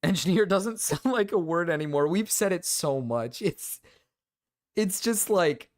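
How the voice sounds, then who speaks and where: A man's voice: high voice, lively intonation, unhurried, no echo, clean studio sound. A man streaming reaction commentary, ranting sarcastically and swearing a lot.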